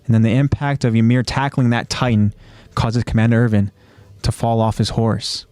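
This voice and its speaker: Smooth-voiced man recapping on a podcast. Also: medium pitch, fairly even intonation, normal speed, darkish tone, dry recording. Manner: retells scenes step by step, then talks loosely. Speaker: podcast co-host. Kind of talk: casual podcast chat recapping an anime episode.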